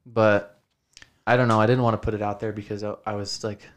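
A man's voice: on the low side, level tone, fairly quick. A profane, rambling young man. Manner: profane, rambling, says dude a lot. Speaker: podcast host. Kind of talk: casual podcast chat. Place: home podcast studio.

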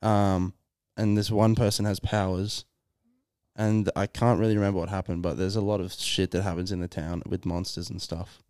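A man's voice: sits low, little pitch movement, moderate pace, a little mellow, smooth, dry recording, clean studio sound. A man co-hosting a casual sports podcast, easygoing and prone to trailing off mid-thought. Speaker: podcast co-host.

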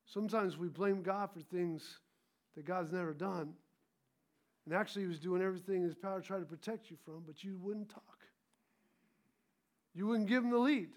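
High-voiced male pastor preaching. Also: fairly even intonation, a little fast. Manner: storytelling, calls for congregation responses. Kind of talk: sermon.

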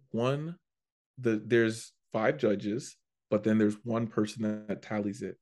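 A man, a comedian, telling a story in a casual chat, animated and prone to restarting his sentences. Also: fairly low pitch, a little slow. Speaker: comedian guest.

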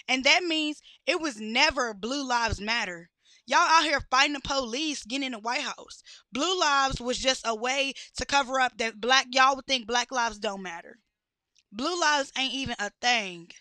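A woman's voice: sits high, sharp tone, no echo, clean studio sound. A woman ranting bluntly with heavy cursing and exasperated rhetorical questions. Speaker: podcast host. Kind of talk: profane rant.

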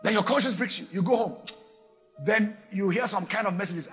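A man preaching a sermon, animated and theatrical, acting out little voices. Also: high voice, brisk, faint music behind. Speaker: pastor.

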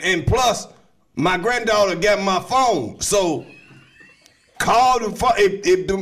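A man doing a loud rambling old uncle. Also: high-pitched, voice pushed up. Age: older. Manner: loud, laughing, rambling voicemail. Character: older male uncle, brash, rambling.

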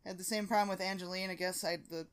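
A woman's voice: on the low side, steady tone, very fast, smooth. A woman co-hosting a podcast from her couch at home, chatting casually and rambling with frequent laughs. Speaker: podcast co-host.

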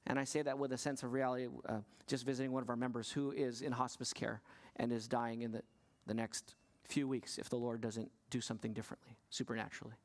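A male pastor delivering a sermon to his congregation, asking them questions, his voice sinking low and soft and then climbing high and pressing. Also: flat delivery, fast talker.

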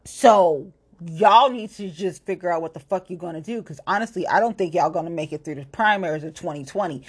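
A woman's voice: lowish voice, brisk, breathy edge. A woman from Ohio, a local political activist, delivering a blunt, profane, confrontational rant to the camera. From Ohio, USA.

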